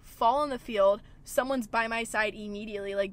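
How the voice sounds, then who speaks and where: A woman's voice: fairly high pitch, fairly quick. A young woman hosting a podcast from a parked car, talking casually, swearing a lot and filling her sentences with "like". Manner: chatty, swears a lot, heavy filler "like". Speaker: podcast host. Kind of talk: casual solo podcast chat. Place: parked car at a gas station.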